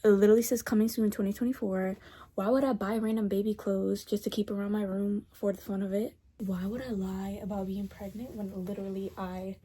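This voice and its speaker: A woman's voice: medium pitch, level tone, brisk, warm tone, slight background noise. A teenage girl chatting casually in a rambling storytime vlog, repeating herself as she goes. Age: teens. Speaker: vlogger. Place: bedroom at night.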